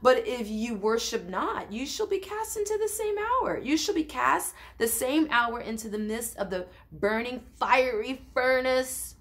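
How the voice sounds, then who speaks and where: A woman's voice: deep voice, fairly even intonation, pitched below the performer's own voice. A woman doing a furious ancient king. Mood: demanding. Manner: slow, drawn-out scolding. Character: angry, domineering ancient king, male. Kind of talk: dramatized scripture reading.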